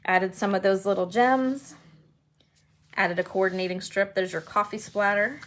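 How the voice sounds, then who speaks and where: Chatty lady showing her paper crafts, excited, kinda rambly, normal mid voice. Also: mid-range voice, normal speed. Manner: chatty and enthusiastic, thinking aloud. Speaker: card-making demonstrator. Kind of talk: casual show-and-tell crafting video.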